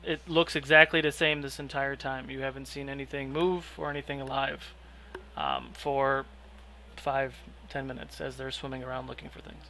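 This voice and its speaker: Male game master, very bright tone, relaxed rules-minded narration, faint hum. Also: mid-range voice, normal speed.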